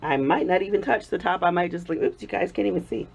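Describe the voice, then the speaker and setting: A woman's voice: lowish voice, quick pace, gravelly, a little mellow, husky. A woman in her thirties telling a story in a casual home vlog, chatty and laughing often, still getting over an illness. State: recovering from illness. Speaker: soap-making vlogger.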